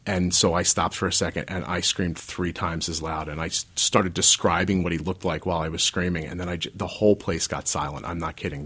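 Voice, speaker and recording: A man's voice: low-pitched, a bit bright, husky. A stay-at-home dad and author in his forties, an interview guest telling personal stories in a candid, rambling way with self-deprecating asides.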